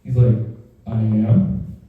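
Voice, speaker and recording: A man's voice: lowish voice, takes it slowly, phone-quality sound. Profane young man telling stand-up stories. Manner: profane, animated, acts out quoted voices. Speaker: stand-up comedian. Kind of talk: stand-up storytelling. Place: live comedy show in a house. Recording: echoey room, mic far off.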